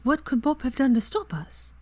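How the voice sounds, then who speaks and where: A woman's voice: sits high, lively intonation, moderate pace, darkish tone, voice pushed up. A woman reading aloud and voicing a flustered young witch student with anxious questions.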